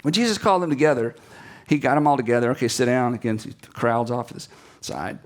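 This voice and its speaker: A pastor giving a sermon-style talk to seminary students. He tells stories with energy, acts out the people he quotes, and drops to a hushed voice for emphasis. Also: mid-range voice, fast. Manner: animated storyteller who acts out quotes and drops to quiet emphasis.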